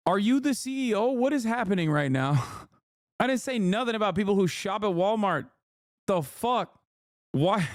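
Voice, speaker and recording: A man's voice: a little high, no room sound, clean studio sound. A man streaming, reacting to clips in casual commentary with a profane, exasperated rant.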